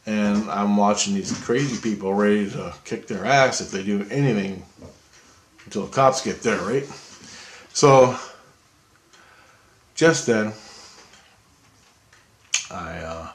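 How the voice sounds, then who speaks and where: A man's voice: lowish voice, slow, long pauses, reverberant. A man casually telling a dream story, rambling and conversational.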